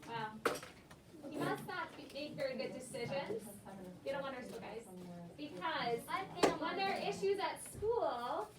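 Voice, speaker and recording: A woman's voice: high voice, expressive, a little slow. A woman teacher leading a reading lesson in a classroom, patiently prompting pupils and explaining words. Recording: echoey classroom from far off, loud noise.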